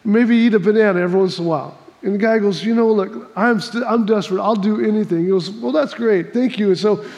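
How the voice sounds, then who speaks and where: A man's voice: high-pitched, quick pace, hardly any pauses, a little mellow, big-room sound. A man preaching a sermon, telling a folksy joke before reading scripture, with many restarts and repeats. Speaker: pastor.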